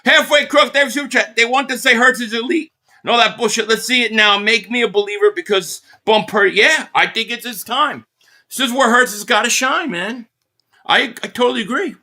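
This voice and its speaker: Philly guy doing a hyped live game reaction stream, high bright voice, yelling at the plays. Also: a little fast. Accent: Philadelphia. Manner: excitable fan commentary, reading out super chats.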